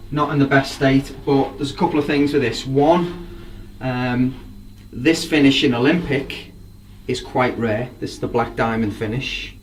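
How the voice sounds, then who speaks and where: A man's voice: mid-range voice, a little slow, hardly any pauses. Guy gushing over his stuff, rambling chat, mic kinda far off, faint hiss behind. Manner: enthusiastic, rambling, admiring. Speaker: drum collector. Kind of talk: casual show-and-tell. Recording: voice from a distance, faint background noise.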